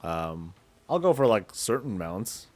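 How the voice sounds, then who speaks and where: Slangy, low-voiced male game streamer. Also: very animated, a little slow, no echo. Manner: loose, slangy and rambling, talking to himself. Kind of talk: casual chat while gaming.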